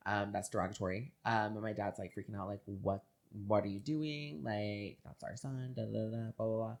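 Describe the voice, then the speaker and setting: A young podcast co-host with a rumbling low voice tells a story during casual conversation. Her delivery is animated and packed with fillers and swearing.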